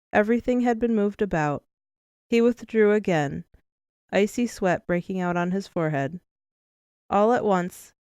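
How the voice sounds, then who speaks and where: A woman narrating an audiobook in a measured, expressive storytelling manner, close to the mic. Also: medium pitch, smooth, no echo. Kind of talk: scripted narration.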